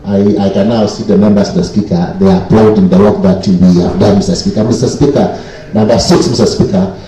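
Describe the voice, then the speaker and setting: A man from Kenya delivers a formal committee report in a county assembly, working "Mister Speaker" into nearly every phrase. His voice is low and dark. He sits back from the microphone in a very echoey chamber. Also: steady tone, faint music behind. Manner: repeats 'Mister Speaker' constantly, formal and deliberate. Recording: echoey chamber, distant mic.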